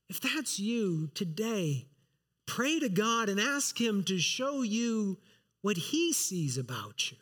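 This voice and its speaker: A man's voice: high voice, big pitch swings, slow pace, a bit bright. A man preaching an earnest sermon as pastor, reading scripture aloud and driving his points home with emphasis.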